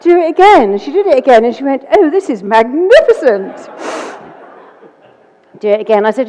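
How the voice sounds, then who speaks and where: A woman hypnotherapist telling a client story in an animated way, acting out both sides of the dialogue. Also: on the high side. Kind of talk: storytelling talk. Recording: dull audio in a reverberant hall.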